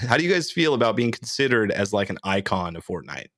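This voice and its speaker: A man's voice: lowish voice, very animated, a little fast, fairly bright tone, no echo. Dry-sounding joking podcast host man. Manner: joking, playful questioning. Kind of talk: casual podcast interview.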